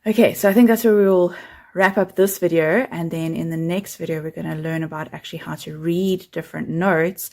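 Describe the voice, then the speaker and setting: Low, gravelly-voiced woman teaching music. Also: steady tone, brisk, a little mellow. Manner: patient, explanatory, counts beats aloud. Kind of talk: keyboard lesson.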